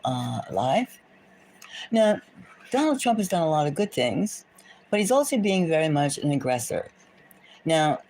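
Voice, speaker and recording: A woman's voice: fairly low pitch, darkish tone. A woman hosting a tarot channel, ranting about politics in a rambling, indignant way, full of rhetorical questions and self-interrupting asides. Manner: rambling with frequent restarts and asides. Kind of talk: rambling political commentary to camera.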